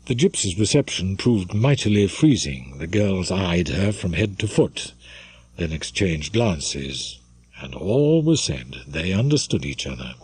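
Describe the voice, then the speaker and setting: A man reading a classic novel aloud in scripted audiobook narration, measured and expressive. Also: low-pitched, husky, no room sound. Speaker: audiobook reader.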